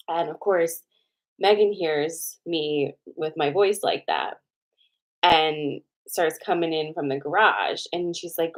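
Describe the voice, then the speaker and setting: A woman host telling a personal story to viewers in a casual, animated way, with a lot of swearing and "like" fillers. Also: low-pitched, unhurried.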